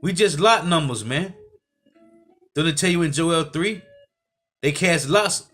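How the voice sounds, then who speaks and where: A man preaching over clips in a loose, street-level voice that sits somewhat high. He keeps closing his lines with "man" and quotes verses. Faint music plays underneath. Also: animated, measured pace, a bit bright. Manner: ends phrases with "man", quotes scripture. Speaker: host. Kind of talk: preaching commentary.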